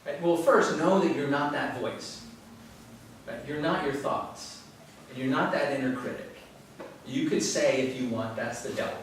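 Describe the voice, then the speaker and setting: A man giving a relaxed, conversational spiritual talk to a yoga class, telling stories and chuckling often. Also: fairly high pitch, a little slow. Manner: conversational, storytelling with frequent chuckles. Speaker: teacher. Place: yoga studio. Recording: very echoey room from far off, faint noise.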